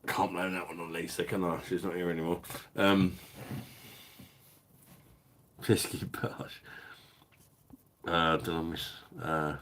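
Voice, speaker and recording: A man's voice: low-pitched, flat delivery, normal speed, hardly any pauses, fairly bright tone. A man hosting a live beer-review stream, chatting casually and swearing as he reads viewers' messages. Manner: sweary, rambling, reads out chat.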